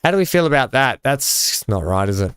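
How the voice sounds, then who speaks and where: A man's voice: mid-range voice, sing-song, brisk, fairly bright tone, clear, resonant tone. A man streaming a building game, chatting casually with viewers and reading chat with many fillers. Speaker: live-streaming gamer. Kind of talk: casual live-stream commentary while building.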